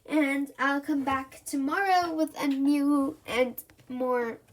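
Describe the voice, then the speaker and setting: High-voiced woman reading a kids' book. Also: takes it slowly, slight background noise. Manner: lively read-aloud, with small slips and restarts. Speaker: storybook reader. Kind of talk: reading a children's book aloud.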